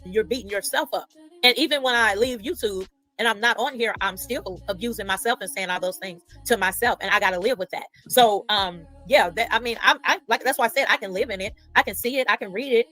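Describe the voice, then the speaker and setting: A woman speaking haltingly, restarting often as she gives a heartfelt apology. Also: medium pitch, sharp tone. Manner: halting, with many restarts and fillers. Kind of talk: apologetic speech.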